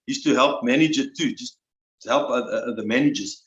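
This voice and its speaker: Man in his 60s, emotional, stumbling restarts, mid-pitched voice, roomy and slightly dull recording. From South Africa. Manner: emotional, halting, with many restarts and repeated words. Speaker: interview guest, army veteran. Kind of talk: personal storytelling.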